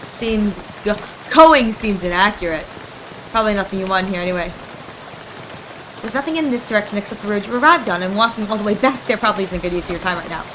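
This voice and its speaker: A woman's voice: medium pitch, fast talker, noisy background. A young adult woman streamer reading game text aloud and reacting in a playful way.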